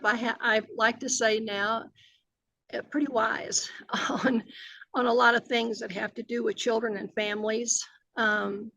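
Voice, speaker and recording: A woman's voice: fairly high pitch, gravelly, a bit bright, poor audio. An older woman, a retired agency director answering interview questions earnestly, with many fillers and restarts.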